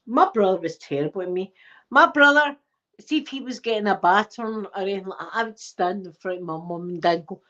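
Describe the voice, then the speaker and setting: Speaking a little fast in a mid-range voice, a channel host from Scotland chats with viewers, telling a story with emphatic animation and plenty of repetition. The lo-fi mic makes her sound dull.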